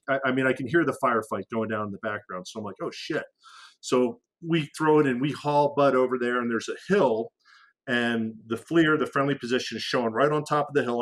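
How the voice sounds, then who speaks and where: A middle-aged man, a former fighter aircrew member, telling war stories in a casual podcast interview. He talks with lots of restarts and casual military slang, and jumps into loud, raised voices when he acts out radio calls. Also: mid-range voice. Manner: animated storyteller who acts out radio calls with sudden loud raised lines.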